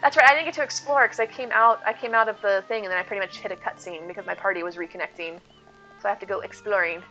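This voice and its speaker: A woman's voice: medium pitch, very fast, dull audio, soft background music. An adult woman streaming a game, chatting casually and answering viewers. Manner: chatty, reads chat aloud, lively. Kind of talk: casual chat while gaming.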